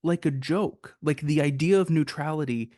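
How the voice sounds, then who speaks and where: A man's voice: a little high, normal speed, dark tone, no room sound. Guy cohosting a movie review, earnest, keeps asking what's the point, dry close sound. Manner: earnest, builds points with rhetorical questions. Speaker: podcast co-host. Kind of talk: casual film review chat.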